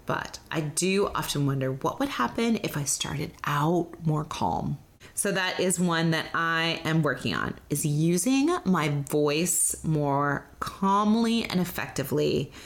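A woman hosting a parenting podcast, talking in a casual, upbeat way and sometimes slowing down or going soft for emphasis. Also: sits low. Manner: upbeat, chatty, slows down for emphasis. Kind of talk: casual solo podcast talk.

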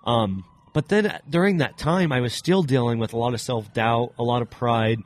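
A man's voice: medium pitch, moderate pace. Earnest young man telling his story. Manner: earnest, rambling storytelling with many fillers. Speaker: podcast guest. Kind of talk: casual personal testimony.

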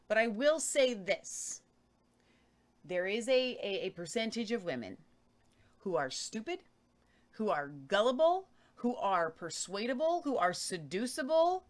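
Emphatic woman co-host, high and lively, news chat. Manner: emphatic, reads viewer comments aloud. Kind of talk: casual news commentary.

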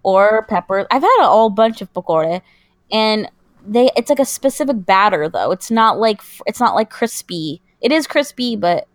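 A woman's voice: medium pitch, expressive, moderate pace, no echo. A woman co-hosting a podcast, chatting casually in a playful, teasing way. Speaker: podcast co-host. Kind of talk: casual chat.

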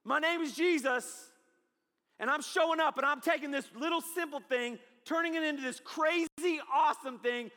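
A preacher voicing Jesus as a bold, emphatic figure proclaiming to the world. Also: male voice, very high voice, pushed and bright, big-room sound, pitched above the performer's own voice, exaggerated voice.

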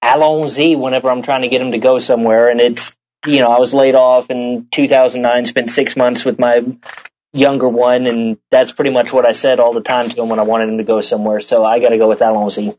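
A man of middle pitch chats eagerly on a podcast panel, spinning little stories behind his votes. His audio sounds dull and lo-fi, like a modest call mic. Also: little pitch movement, fairly quick, darkish tone. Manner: chatty, enthusiastic storyteller. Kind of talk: casual panel chat.

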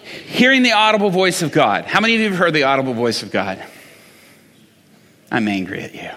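A middle-aged male pastor preaches in a lively, conversational way, his high voice leaping up and down. His tone is bright and forceful. The sound carries a long echo from a large church hall. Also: a little fast. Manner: animated, conversational storytelling with laughs. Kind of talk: sermon. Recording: reverberant hall.

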